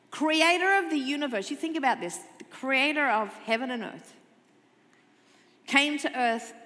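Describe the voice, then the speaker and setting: A woman pastor preaching a sermon, expressive, moving between loud emphasis and soft, intimate tones. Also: on the high side, in a large hall. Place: church sanctuary.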